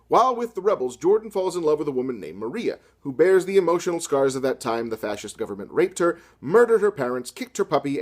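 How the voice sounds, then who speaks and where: A man delivering a satirical scripted literature lecture with deadpan, sarcastic asides. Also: a little high. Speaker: comedy lecturer.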